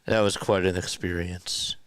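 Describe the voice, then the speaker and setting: A man's voice: deep voice, flat delivery, a little slow, smooth. A young man giving casual live baseball play-by-play, chatting and laughing with viewers. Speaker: play-by-play streamer. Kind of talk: live baseball commentary and chat.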